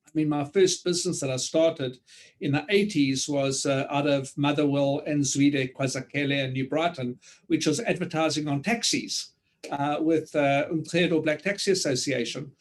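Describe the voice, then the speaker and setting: A South African man speaking reflectively over a video call, with many pauses and ums. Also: on the high side. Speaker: author guest. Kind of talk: reflective conversation.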